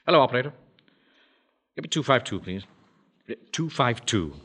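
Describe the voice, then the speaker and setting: A pompous, self-important bank manager in a period sitcom. His voice is bright and forceful, rising and falling a lot as he gives orders. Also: medium pitch, animated, normal speed, slightly rough. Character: pompous middle-aged male bank manager and platoon officer.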